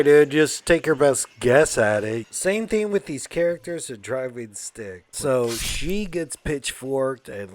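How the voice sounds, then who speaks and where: A man's voice: on the high side, a bit bright, no echo. A man giving a casual, slangy movie recap, laughing often and acting out the characters' lines. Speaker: movie kill-count commentator.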